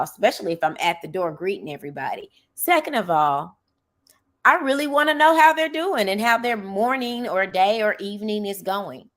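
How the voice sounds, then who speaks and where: A woman's voice: medium pitch, a bit bright. A middle-aged woman who teaches, hosting a podcast in a casual monologue. She speaks earnestly and with emphasis, checking in with the listener with a frequent "okay?".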